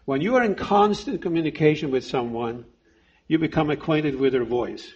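A man in his fifties preaching a sermon, delivering it slowly and emphatically with deliberate pauses. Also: fairly high pitch, expressive, husky, muffled recording.

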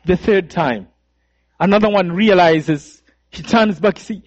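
A man's voice: high-pitched, unhurried. A man preaching a sermon testimony, telling his story with emotion and repeated phrases. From Rwanda. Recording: dull, dry sound.

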